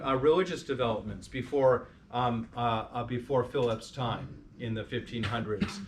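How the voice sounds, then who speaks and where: A man's voice: mid-range voice, fairly bright tone, slight background noise. A man giving an informal history lecture to a parish group, talking conversationally with restarts and questions to the listeners. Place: parish hall or church.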